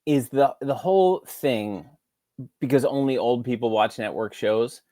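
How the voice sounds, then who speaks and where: A man's voice: mid-range voice, lively intonation, a little slow, dark tone, no echo, studio quality. A man co-hosting a podcast, chatting casually and tossing in wry asides. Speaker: podcast co-host. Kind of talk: casual chat.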